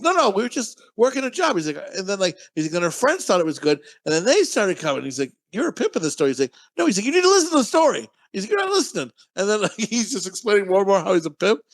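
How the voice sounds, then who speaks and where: A man co-hosting a casual podcast chat, talking fast, skipping words and acting out characters' lines as he retells a story. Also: high-pitched. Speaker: podcast co-host.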